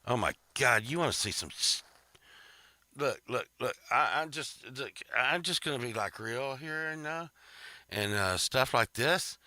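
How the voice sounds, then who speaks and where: A man retells a story in a slow, drawn-out delivery, rambling and swearing with laughing asides. His voice is very bright and cutting, and the sound is dry and close with no room echo. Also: medium pitch, animated. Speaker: podcast host. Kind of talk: casual storytelling monologue.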